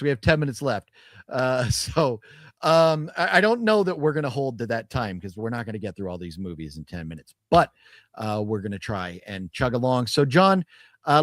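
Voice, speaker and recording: This is a man co-hosting a podcast, casually reviewing a movie while he rambles, restarts and laughs. His voice is medium-pitched. The recording is dry and of studio quality.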